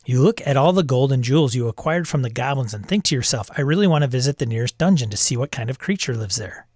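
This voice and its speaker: A man's voice: mid-range voice, animated, fast talker, darkish tone, dry recording, clean studio sound. A man hosting, reading a text adventure aloud and reacting, wry and self-amused, chuckling at the game. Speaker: host.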